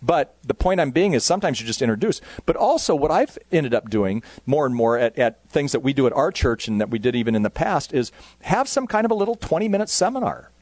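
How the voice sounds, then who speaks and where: A man's voice: mid-range voice, sing-song, a little mellow, no echo. Chatty middle-aged man telling church stories. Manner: conversational, self-correcting, quick asides. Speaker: youth ministry speaker. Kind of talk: conference talk with anecdotes.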